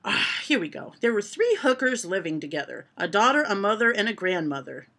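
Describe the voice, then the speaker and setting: A woman's voice: medium pitch, big pitch swings, fairly quick. A woman vlogging from home, reading joke lists aloud to her camera and laughing at the punchlines. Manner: reads jokes aloud and reacts with loud laughter. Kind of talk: casual joke-reading vlog.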